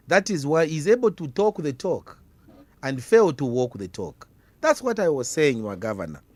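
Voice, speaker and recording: A man's voice: a little high, no echo. A man with a Zambian accent, an opposition politician arguing hard as a guest in a radio debate, hammering his points with repeated questions. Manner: combative, repeats questions for emphasis.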